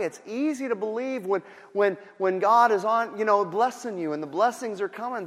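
A male pastor giving a sermon with emphatic, repetitive preaching. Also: sits high. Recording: long hall reverb.

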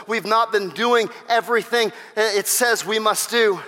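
A man preaching a sermon with impassioned delivery, swinging between shouted exhortations and quieter teaching and firing off repeated rhetorical questions. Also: high-pitched, steady tone, normal speed, hardly any pauses. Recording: long hall reverb.

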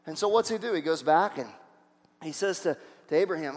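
High-voiced pastor preaching in a hall. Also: male voice, fairly quick. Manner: animated, asks the congregation questions, restarts. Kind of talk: sermon. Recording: long hall reverb.

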